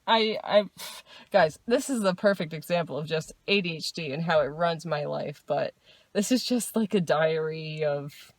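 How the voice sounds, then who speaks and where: A woman talking casually in a personal diary vlog, rambling, restarting and laughing often, in a dark room at night. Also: low-pitched, normal speed, no echo. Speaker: vlogger.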